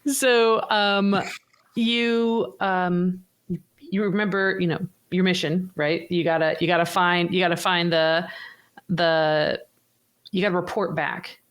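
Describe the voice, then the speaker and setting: A woman's voice: lowish voice, steady tone, slow. A woman running a tabletop game as game master, narrating in a chatty, rambling way with lots of fillers.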